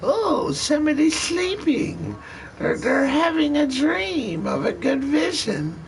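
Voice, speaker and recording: A sneering spirit that creeps into sleepers' dreams, as a man puts it on in a livestream rant. The voice jumps far above his own into a thin, strange, sing-song register. It drags slowly and teases. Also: sing-song, creaky, heavily acted. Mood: taunting. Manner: high, sing-song taunting.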